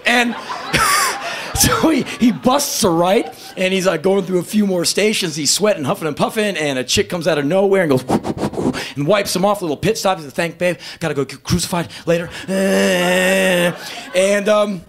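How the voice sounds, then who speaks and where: A man in his fifties telling a profane, animated story as a spoken word performer, breaking into loud shouts. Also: high voice, moderate pace, vocal fry. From United States. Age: 50s.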